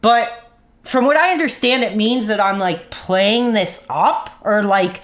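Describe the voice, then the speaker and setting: A man's voice: high voice, a little slow, a bit bright. A man streaming an angry rant into his own mic, swearing, mocking and then apologizing for his language. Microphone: own desk mic.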